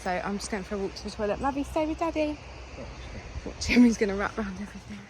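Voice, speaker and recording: A woman hosting a casual travel vlog, chatty and excitable with quick asides, filming on a handheld camera. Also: mid-range voice. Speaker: vlogger. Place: in a campervan on the road and outdoors. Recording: loud road and wind noise.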